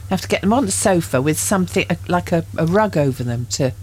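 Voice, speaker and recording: A middle-aged woman co-hosts local radio, chatting and teasing her partner. Her voice sits low for a woman, and her talk is relaxed and playful. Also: fast talker, husky. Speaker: radio co-host. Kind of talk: casual radio chat.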